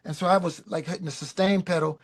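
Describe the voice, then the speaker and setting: A middle-aged man, a guest musician, telling loose, animated stories in a casual chat. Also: high voice, fast. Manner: animated, loose, peppered with "man" and "you know". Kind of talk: casual storytelling.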